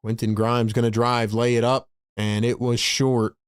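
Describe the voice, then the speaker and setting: A man's voice: medium pitch, flat delivery, clean tone, dry recording, studio quality. Chatty man calling a game live. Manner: fast, chatty, laughs often, reads viewer messages. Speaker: host and play-by-play caller. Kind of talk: live fan play-by-play and chat.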